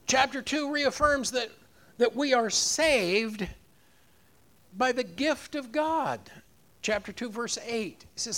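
High-voiced guy preaching, punches key words, gets the crowd repeating after him. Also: fairly bright tone. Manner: emphatic preaching, rising on key phrases, leading the congregation in repetition. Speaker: pastor. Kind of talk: sermon.

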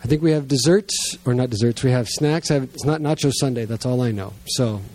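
A middle-aged man preaching to a gathered congregation, telling a self-mocking family story in a lively way and then praying quietly and earnestly. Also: medium pitch, a little fast. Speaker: pastor. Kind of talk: sermon storytelling and prayer. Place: church gathering with listeners present.

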